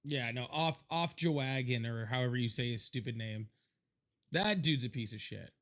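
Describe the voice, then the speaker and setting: A man's voice: mid-range voice, moderate pace, a bit bright. Chatty man hosting a livestream. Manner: loose, rambling, laughs often, reads donations aloud. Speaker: livestream host. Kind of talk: casual livestream chat.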